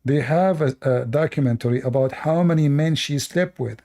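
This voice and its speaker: A man's voice: mid-range voice, normal speed, mellow. A man from the Middle East hosting casual commentary, rambling bluntly and crudely with many fillers and restarts. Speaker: host.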